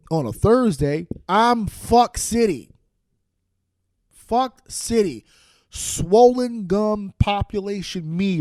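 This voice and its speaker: A man hosting a podcast, telling a loud, angry, profane comic rant into a studio microphone. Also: on the high side, dry recording. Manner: loud, angry, swearing storyteller. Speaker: podcast host.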